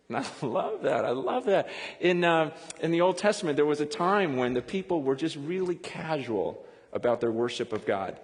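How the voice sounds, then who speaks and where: A man preaching a sermon in a lively, conversational way, often breaking into quick laughs. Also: fairly high pitch, big-room sound. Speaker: pastor.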